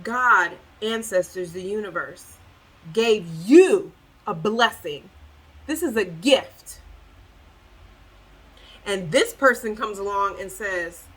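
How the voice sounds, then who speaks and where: A woman's voice: mid-range voice, lively intonation, slow pace, long pauses, a bit bright, breathy edge, low-quality recording. A woman giving a tarot reading to the viewer, emphatic and preachy, repeating phrases for effect and breaking into sassy, incredulous outbursts. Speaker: tarot reader.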